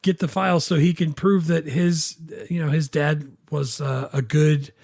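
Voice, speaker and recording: Gravelly man on a dry mic. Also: on the high side, level tone, a little mellow, no room sound. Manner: laid-back, laughs often, halting with many "uh"s. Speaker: podcast co-host. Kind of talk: casual movie chat.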